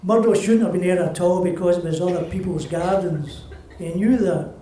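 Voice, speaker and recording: An older Scottish man, an author, reading from his novel in a plain, unhurried way at a festival event. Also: high-pitched, dark tone, a little hiss or hum. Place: festival venue. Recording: roomy, distant live reading.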